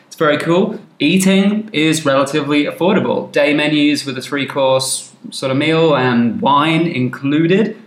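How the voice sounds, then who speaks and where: A man's voice: fairly high pitch, a little slow, hardly any pauses. A man from England co-hosting a podcast in casual, jokey chat. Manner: chatty, jokey, laughs often. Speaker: podcast co-host. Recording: roomy echo.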